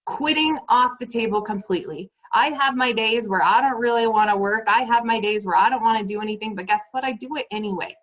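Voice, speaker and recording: A woman's voice: a little high, a little fast, hardly any pauses, a bit bright, poor audio. A woman leading her sales team on a motivational call. She talks emphatically, repeats her points and keeps turning to the listeners as "you guys".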